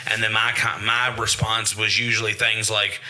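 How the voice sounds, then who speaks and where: A man's voice: on the low side, flat delivery, moderate pace, pushed and bright, rough recording. A man hosting a podcast, chatting casually and rambling through stories while acting out quotes. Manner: rambling storyteller who acts out quotes. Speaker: podcast host. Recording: clicky background noise.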